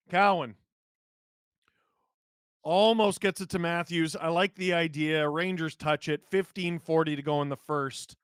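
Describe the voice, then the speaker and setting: A hoarse man calls hockey live, rattling off the play quickly and bursting into loud shouts at big moments. His voice sits fairly high but is roughened by a cold. The sound is close and dry, with no room around it. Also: no room sound. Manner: rapid play-by-play with sudden excited shouts. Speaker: host, live game watch-along.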